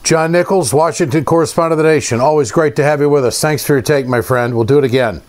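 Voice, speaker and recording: Punchy male news host, pitch a touch high. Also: quick pace, darkish tone. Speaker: talk show host. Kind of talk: news commentary show.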